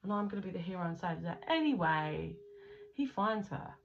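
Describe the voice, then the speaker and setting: A woman with a fairly low voice talks through a tarot reading in a loose, rambling way, swearing now and then. The recording is dull and lo-fi, with a faint hiss of background noise. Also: lively intonation, a little fast. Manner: chatty, rambling, swears casually. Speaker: tarot reader. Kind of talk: casual tarot reading narration.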